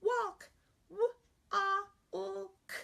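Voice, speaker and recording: A woman voicing an eager young child student who sounds out letters in a high chirpy voice. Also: fairly even intonation, drawn-out words, vocal fry, bright, forceful tone, full character voice.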